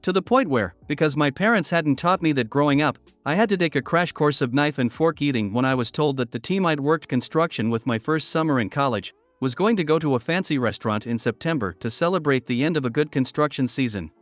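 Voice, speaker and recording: Man, storyteller, slightly high voice, dry close sound, quiet music underneath. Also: animated, brisk, few pauses, dry recording. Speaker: narrator. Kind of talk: scripted story narration. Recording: dry with faint music behind.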